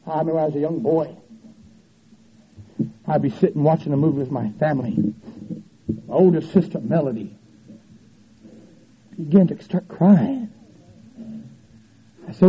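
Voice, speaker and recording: A man preaching a revival sermon in a church, folksy and joking, swinging from loud to soft. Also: on the high side, animated, moderate pace, pauses often. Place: church sanctuary. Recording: echoey church, dull old tape.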